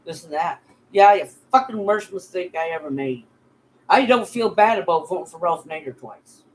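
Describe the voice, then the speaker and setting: A woman's voice: lowish voice, expressive, normal speed, a little mellow, a little hiss or hum, poor audio. A middle-aged woman vlogger giving a heated, profane rant straight at her critics. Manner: profane, heated, addresses bullies directly. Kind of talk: angry direct-to-camera rant.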